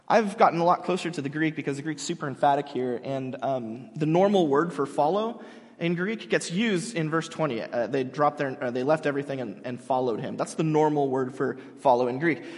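A man preaching a sermon in an animated way, acting out quotes, with frequent restarts. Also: fairly high pitch, brisk, long reverb tail. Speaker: pastor.

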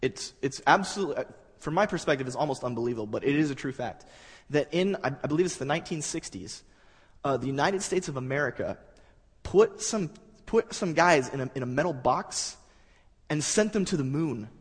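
A man giving a sermon in a conversational, halting way that builds to animated stretches. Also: fairly high pitch, breathy edge, long reverb tail. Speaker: pastor.

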